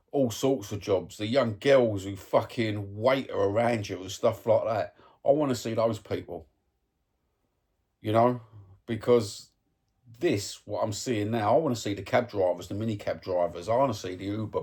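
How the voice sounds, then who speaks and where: A man's voice: lowish voice, darkish tone, husky. A man giving a blunt, sweary, heated football match review as a fan vlogger.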